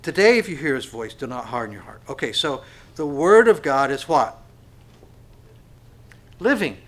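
A man's voice: medium pitch, very animated, normal speed, fairly bright tone. A man preaching a sermon as pastor. He asks the congregation rhetorical questions and often stumbles over repeated words.

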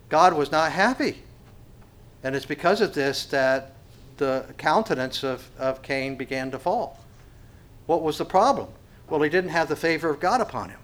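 Man preaching with a slightly high voice. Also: a bit bright. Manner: asks the congregation rhetorical questions and stumbles over repeated words. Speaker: pastor. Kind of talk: sermon.

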